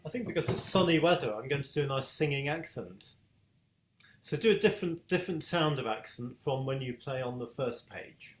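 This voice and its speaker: A man's voice: medium pitch, animated, a little fast. A man with a British accent giving an online piano masterclass, asking patient questions and encouraging his student. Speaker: piano teacher. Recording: echoey room over video call, piano.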